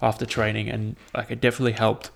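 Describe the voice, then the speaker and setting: A young man talks on his solo podcast in an easy, rambling way. His voice sits slightly low, and he drifts from story to story with casual swearing. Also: completely flat delivery, fast, creaky. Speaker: podcast host.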